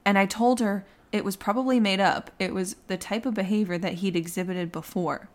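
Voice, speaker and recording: A young woman hosting a podcast, casually telling a true crime story and acting out the quotes. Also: brisk. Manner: animated, acts out quotes with rising pitch. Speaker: podcast host.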